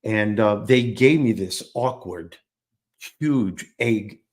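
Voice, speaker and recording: A man telling a funny childhood story in a relaxed interview, self-deprecating and animated, acting out the lines he quotes. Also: fairly low pitch, slow pace. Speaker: guest storyteller. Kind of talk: conversational storytelling.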